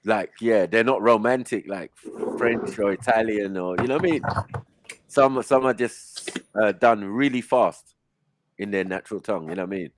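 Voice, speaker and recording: A man hosting a casual chat, telling stories in a lively, slangy way. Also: fairly low pitch, normal speed, noisy background. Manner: animated storytelling, slangy. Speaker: host.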